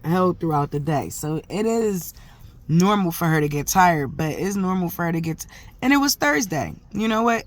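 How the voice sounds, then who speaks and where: Speaking to camera in a fairly low voice, a mother tells a story in a casual, heated, profane way, with emphatic run-on bursts.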